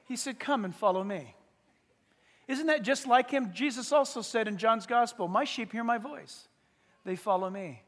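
A male pastor preaching a sermon, emphatic, often pausing to say "listen" to press his points. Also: very high voice, fairly bright tone. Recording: reverberant hall.

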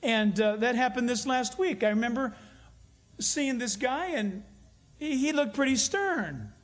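A man preaching a sermon in church, earnest and full of stories, slowing down to stress key phrases. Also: extremely high pitch, expressive. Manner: earnest, storytelling preacher with emphatic slowed phrases. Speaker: pastor.

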